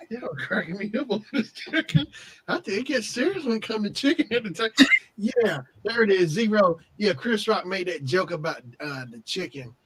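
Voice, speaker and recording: A man's voice: sits high, slightly rough. A man in a casual chat, backing up the host with short responses and laughs, joking about chicken. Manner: brief responses and chuckles.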